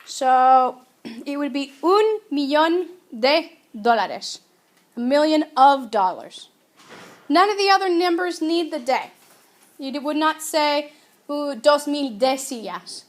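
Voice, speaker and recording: A woman teaching a grammar lesson, speaking clearly and deliberately and drilling her students to repeat words. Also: high voice, lively intonation. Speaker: Spanish teacher.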